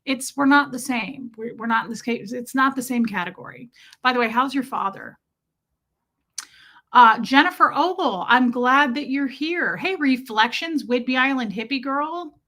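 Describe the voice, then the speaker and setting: A chatty, joking American woman in her forties greets viewers on her live stream. Her voice is bright and sits a little high. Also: lively intonation, normal speed. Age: 40s. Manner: chatty, sarcastic, jokey. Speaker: livestream host. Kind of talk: casual live-stream chat reading viewer comments.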